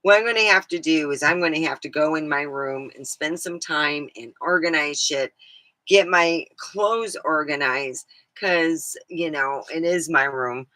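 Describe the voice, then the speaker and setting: A woman's voice: low-pitched, a little slow, pushed and bright, no room sound, rough recording. A woman livestreaming, chatting casually in a meandering way and swearing now and then. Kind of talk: casual rambling chat.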